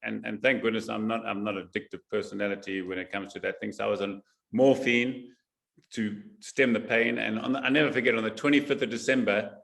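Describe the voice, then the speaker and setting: A man guest from South Africa talking in a casual interview, halting and repeating words with emphasis. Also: lowish voice, steady tone, creaky, a bit bright.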